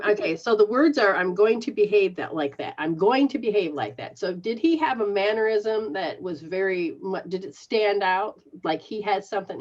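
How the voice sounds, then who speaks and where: Slow-talking lady doing a psychic reading on a call-in show, lowish voice, kinda muffled lo-fi sound. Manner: slow, halting, laughs often. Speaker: psychic reader, show host. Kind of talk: live call-in spiritual reading.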